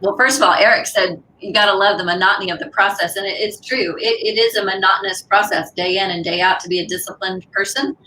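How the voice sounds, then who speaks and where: A woman co-hosting a casual show who reacts warmly to her guest and reads out comments from the chat. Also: medium pitch, fairly even intonation, quick pace, few pauses, slight background noise, rough recording. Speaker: co-host.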